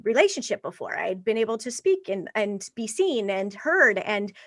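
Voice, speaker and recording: A woman in her thirties, a podcast guest speaking candidly in an interview and bringing her past thoughts to life with animated quoted voices. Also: medium pitch, normal speed, no room sound, clean studio sound.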